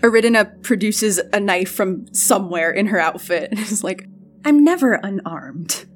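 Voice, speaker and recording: A woman's voice: medium pitch, normal speed, faint music behind. A woman playing in a tabletop game, describing her character's actions in a playful way. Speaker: player.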